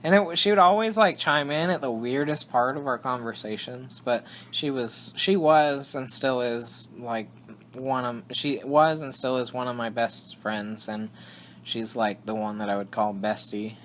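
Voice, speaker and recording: A man's voice: mid-range voice, a little slow, fairly bright tone, slight background noise. A young man co-hosting a casual podcast, rambling, cutting himself off mid-sentence and laughing often. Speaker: podcast co-host. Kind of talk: casual chat.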